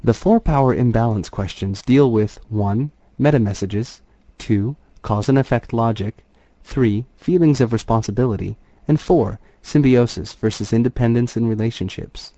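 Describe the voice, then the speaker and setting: A man, a therapist and trainer, giving scripted instructional narration in a measured, explanatory reading voice. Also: mid-range voice, dark tone, no echo, dull audio.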